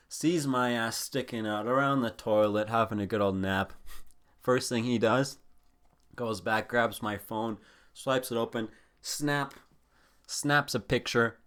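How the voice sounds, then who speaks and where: A man's voice: on the low side, a bit bright. A young man hosting a podcast, telling a rambling, profane story in a casual chat style. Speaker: podcast host.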